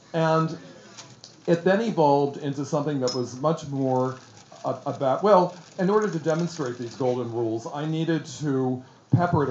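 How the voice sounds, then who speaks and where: An effusive, theatrical man, his voice sitting a little high for a man, speaks to an audience in a bookstore. The sound is roomy and somewhat dull, with a faint murmur of the space behind him. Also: darkish tone, a little hiss or hum. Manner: effusive, theatrical, self-deprecating. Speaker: author at book talk. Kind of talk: casual public talk.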